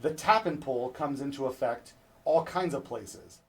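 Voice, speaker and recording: A man's voice: medium pitch, measured pace, loud music behind the voice. Man coaching drum technique from afar. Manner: coaching, checks in with "right?" after each point. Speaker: drum instructor. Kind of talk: instructional demonstration. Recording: distant mic with clear background noise.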